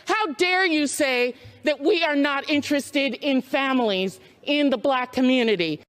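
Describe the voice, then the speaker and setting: An indignant woman in a TV talk show clip, with a very high voice. She sounds affronted throughout. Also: unhurried.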